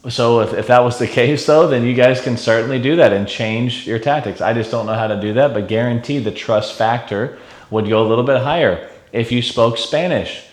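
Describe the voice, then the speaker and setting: A man with a fairly low voice runs a sales training lesson in an energetic, coaching way, checking in with his listeners again and again. The sound has a noticeable echo, as if he were in a bare room. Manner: energetic, coaching, frequent "okay?" check-ins.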